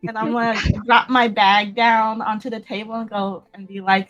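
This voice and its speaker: A woman's voice: fairly high pitch, fairly even intonation, measured pace, a bit bright, no room sound, faint music behind, poor audio. A woman playing a tabletop game, chatty and giggly as she describes what her character does. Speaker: player. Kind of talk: casual tabletop game play.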